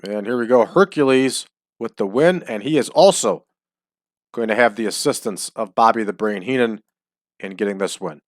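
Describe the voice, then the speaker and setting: A man's voice: lowish voice, dry recording. Man, casual game commentary, chatty, dry close mic. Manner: chatty, drawn-out hype calls. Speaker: wrestling sim game host.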